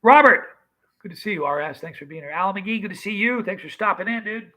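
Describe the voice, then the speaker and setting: A man in his fifties runs a casual livestream, rambling through stories and calling out viewers by name. His voice sits a touch high and carries a bright, forceful edge. He talks to the chat like old friends. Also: expressive, quick pace, poor audio. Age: 50s. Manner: chatty, greets viewers by name. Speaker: livestream host.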